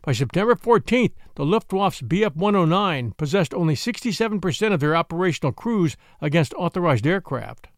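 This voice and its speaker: A man's voice: on the high side, very animated, brisk, hardly any pauses, no room sound, studio quality. A man narrating history from a script, explaining events and reading out figures and dates. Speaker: history podcast host.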